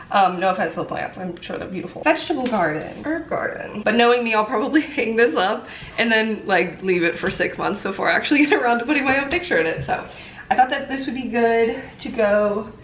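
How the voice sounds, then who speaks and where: A woman in her twenties talking casually to her camera in a vlog, rambling and laughing often. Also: on the high side. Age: 20s. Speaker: lifestyle vlogger. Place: apartment and city streets. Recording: echoey room, faint ambient noise.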